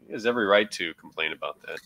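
A man's voice: low-pitched, racing, pushed and bright. A man co-hosting a podcast, giving his opinion in a blunt, casual way. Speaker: podcast co-host. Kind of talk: casual chat.

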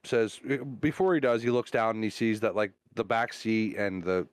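This podcast co-host, a man with a fairly low, smooth voice and no echo, tells long jokes in a loose, rambling way. He draws them out and slips into character voices.

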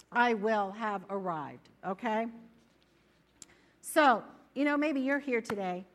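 A woman preaching a sermon in a church, animated and conversational, often acting out the doubts of her listeners. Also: on the high side. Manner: animated, acts out inner voices.

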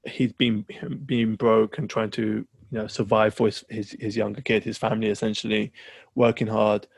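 A man's voice: fairly low pitch, level tone, moderate pace, vocal fry, no echo, studio quality. A man co-hosting a podcast in casual chat, rambling with fillers and restarts. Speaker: podcast co-host.

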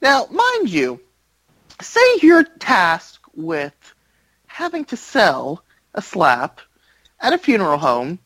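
A man co-hosting a podcast, telling a wrestling recap in a lively, animated way and acting out the lines. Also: high voice, slow pace, pauses often, husky, no room sound, rough recording. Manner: animated storyteller, acts out quotes. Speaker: podcast co-host. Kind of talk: casual chat recapping wrestling.

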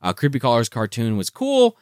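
A man in his thirties or forties co-hosting a live-streamed show, animated and swearing, plugging his own videos. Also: mid-range voice, brisk, dry recording, studio quality. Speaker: podcast co-host. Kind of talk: casual live-stream chat.

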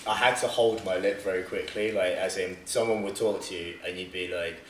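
A man's voice: deep voice, fairly even intonation, fairly quick. A man from southern England chatting casually as a podcast host at home, rambling and swearing freely. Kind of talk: casual chat. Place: living room of a home. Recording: roomy home recording with faint hiss.

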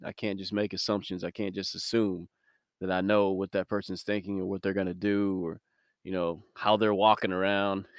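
Deep-voiced man giving a devotional talk. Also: dry recording, clean studio sound. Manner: earnest, conversational preaching with prayer. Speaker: podcast host. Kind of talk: devotional podcast sermon.

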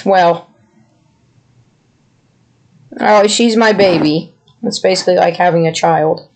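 A man's voice: high voice, slow pace. A man co-hosting a podcast, chatting casually and rambling affectionately. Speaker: podcast co-host. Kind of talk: casual chat.

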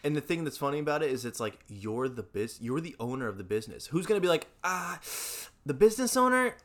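A man's voice: mid-range voice, expressive, quick pace. A young man co-hosting a casual podcast, blunt and openly judgmental, swearing freely as he talks. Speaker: podcast co-host. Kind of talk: casual chat.

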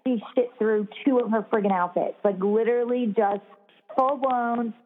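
A young woman, a new mother and podcast co-host, chats casually at a moderate pace, rambling, swearing freely and saying "like" a lot. Her voice is a little high with fairly even intonation, and the sound is narrow, like a phone.

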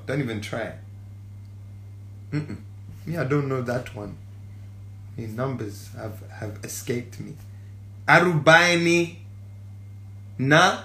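A man hosting a casual livestream, playful, laughing often and stretching out shouted catchphrases. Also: a little high, roomy sound. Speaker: livestream host.

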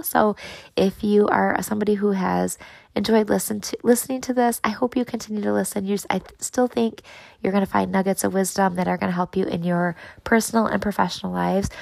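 A woman's voice: medium pitch, creaky, no room sound, rough recording. A woman in her thirties hosting a podcast, talking earnestly and encouragingly straight to her listeners. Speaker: podcast host. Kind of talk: motivational podcast talk.

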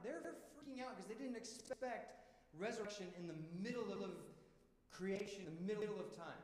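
A pastor delivers his sermon in a conversational, emphatic style, asking questions and repeating words as he goes. His voice sits a little high for a man. It rings through a roomy church hall with a long reverb tail. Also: a little fast, a little hiss or hum.

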